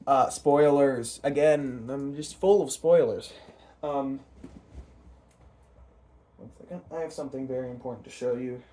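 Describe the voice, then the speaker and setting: A man's voice: mid-range voice, fairly even intonation, measured pace, long pauses, mellow. Rambling, hesitant young man. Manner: rambling and hesitant, with many fillers and restarts. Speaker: channel host. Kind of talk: casual vlog commentary.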